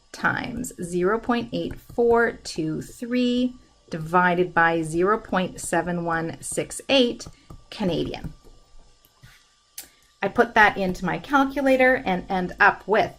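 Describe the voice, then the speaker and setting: A woman teaching a math lesson, working through problems in a steady, step-by-step way at a desk microphone. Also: lowish voice, slow pace. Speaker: math instructor.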